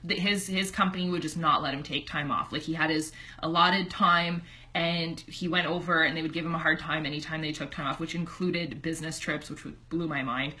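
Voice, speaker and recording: A young woman chatty and heartfelt, bright-toned. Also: low-pitched, fairly even intonation, fairly quick, few pauses. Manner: chatty, heartfelt, many "like" fillers. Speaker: online fitness coach. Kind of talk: casual personal storytelling to camera. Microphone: computer webcam.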